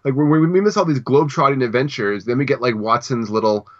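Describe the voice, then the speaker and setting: Canadian dude co-hosting a podcast, rambly, lots of restarts, kinda muffled lo-fi sound. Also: male voice, medium pitch, quick pace. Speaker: podcast co-host. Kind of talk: casual chat. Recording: dull lo-fi audio.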